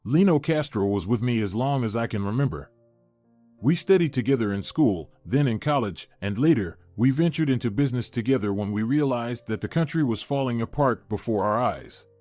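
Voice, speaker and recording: A man voicing a wealthy middle-aged businessman who speaks in a measured, heavy, confiding way, in a storybook reading. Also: mid-range voice, expressive, a little mellow, faint music behind, lightly acted.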